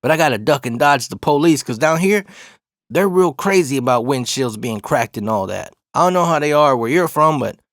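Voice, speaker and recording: A man from Arizona casually telling a personal story, profane and slang-heavy, with animated retelling. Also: mid-range voice, normal speed, no echo, clean studio sound. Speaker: storyteller host.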